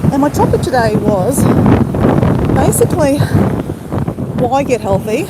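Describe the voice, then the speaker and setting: An Australian vlogger walks along a beach at high tide, chatting casually to her live-stream audience in a high, very animated voice at a measured pace. Her outdoor phone audio is noisy with wind and surf.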